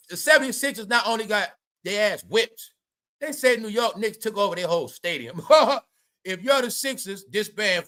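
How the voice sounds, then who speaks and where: A man hosting a livestream, talking loudly in rambling, profane commentary, often saying "y'all". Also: high voice. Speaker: livestream host. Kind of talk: profane stream-of-talk commentary.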